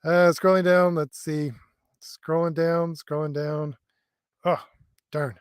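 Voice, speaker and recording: A man's voice: a little high, little pitch movement, slow pace, clear, resonant tone, no room sound, studio quality. A middle-aged man hosting a livestream, reading viewer comments aloud in a rambling way, with many fillers and chuckles. He says his voice has always been heard as an old man's. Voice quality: voice that others hear as an old man's. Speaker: host.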